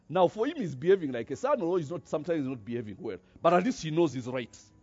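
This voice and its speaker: A man preaching a sermon, animated, with many rhetorical questions and a habit of tagging "eh?". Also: on the high side, quick pace, slightly rough, muffled recording, soft background music.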